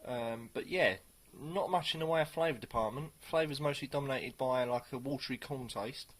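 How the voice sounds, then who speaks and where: Man, casual beer reviewer, rambling and unhurried, mid-range voice. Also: mid-range voice, fairly bright tone. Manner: rambling, hesitant, many pauses.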